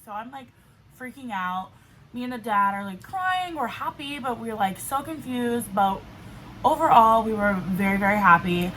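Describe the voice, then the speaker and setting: A woman's voice: mid-range voice, fairly bright tone, poor audio. A woman in her twenties casually telling a personal story to camera, filling her talk with "like". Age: 20s. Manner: chatty, fills speech with "like". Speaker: vlogger. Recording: faint background noise, level cutting in and out.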